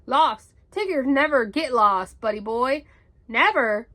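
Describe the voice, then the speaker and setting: A woman voicing a loud, cheery male tiger who whoops and boasts. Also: high voice, lively intonation, slow, exaggerated voice. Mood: boisterous.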